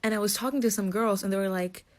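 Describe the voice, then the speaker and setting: A woman's voice: medium pitch, fairly even intonation, fast. A woman, telling a story in a dry, sarcastic way. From Greece. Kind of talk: casual storytelling.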